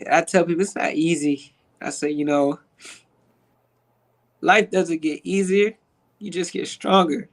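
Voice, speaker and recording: This is a man sharing an emotional personal testimony as an interview guest. He talks in a slangy, animated way that turns preacher-like when he quotes scripture, and he acts out the dialogue he remembers. His voice sits a little high for a man. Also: unhurried, pauses often, low-quality recording. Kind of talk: emotional conversational storytelling.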